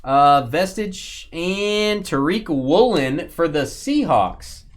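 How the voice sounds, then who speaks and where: A man's voice: on the high side, lively intonation, takes it slowly. A man hosting a live-stream sports card break, calling out cards and teasing his crew in joking banter.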